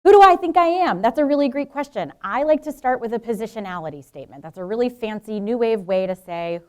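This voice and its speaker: A woman's voice: on the high side, expressive, fast, smooth. A middle-aged woman from Brooklyn and New Jersey giving a public lecture as a professor, frank and informal, with asides to the audience.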